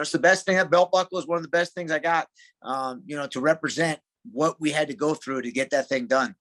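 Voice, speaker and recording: A middle-aged man, a wrestling coach, chatting as a podcast guest in an emphatic, excitable way. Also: on the high side. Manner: emphatic, excitable, calls people dude. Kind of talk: casual interview chat.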